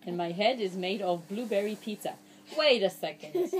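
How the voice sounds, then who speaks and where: A woman's voice: medium pitch, lively intonation, normal speed, slight background noise. A woman reading a children's book aloud to a child, playful and mock-exasperated, breaking into silly nonsense sounds.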